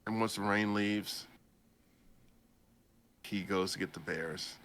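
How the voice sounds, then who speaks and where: A man's voice: on the low side, fairly even intonation, slow, a bit bright. A young man hosting a podcast, casually recapping a story in a rambling way, laughing as he goes. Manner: rambling, laughs while he tells it. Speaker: podcast host.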